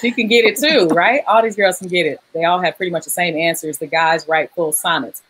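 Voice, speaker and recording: A woman's voice: fairly low pitch, a little fast, background noise. A woman hosting a livestream dating game show, playful, laughing often and reading out donations. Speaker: host.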